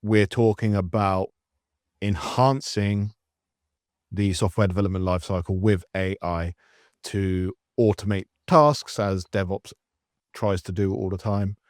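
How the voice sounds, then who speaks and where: Low-voiced man hosting a tech podcast. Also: fairly even intonation, unhurried, dry recording, studio quality. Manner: easygoing, explanatory, with filler ums and restarts. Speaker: podcast host.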